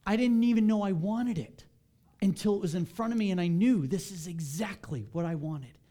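A man in his thirties preaching a sermon in a church, telling a personal story with lively acted-out quotes before turning to scripture. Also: high voice, moderate pace. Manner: animated storytelling, acts out quotes. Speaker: pastor. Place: church sanctuary.

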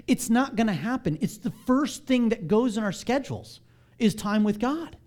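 A man's voice: very high-pitched, darkish tone. A man, a pastor with children, giving a candid, self-deprecating, conversational sermon.

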